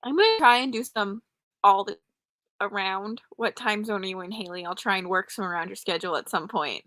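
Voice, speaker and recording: Up late and tired, this livestream host keeps things chatty and self-deprecating, responding to her chat in a casual late-night session. She's a young woman with a medium-pitched, fairly bright voice, speaking briskly with no echo on the recording.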